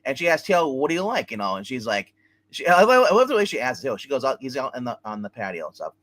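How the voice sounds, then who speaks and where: A man co-hosting a casual TV review chat, excitedly retelling scenes with lots of fillers. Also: medium pitch, quick pace, dry recording. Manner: animated retelling, acting out scenes, many fillers. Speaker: co-host reviewing a TV episode.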